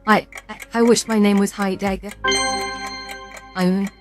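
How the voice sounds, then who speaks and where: A woman's voice: mid-range voice, little pitch movement, unhurried, over music. A young British woman streaming a quiz game, chatting casually, reading questions aloud and stumbling over hard words with a self-mocking, swearing manner.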